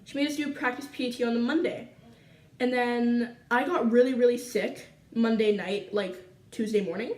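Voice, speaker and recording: A teenage girl from Canada telling a school story to her viewers in a chatty, animated way full of fillers. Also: a little high, moderate pace, echoey room, far from the mic. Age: teens. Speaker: vlogger. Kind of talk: casual storytime chat.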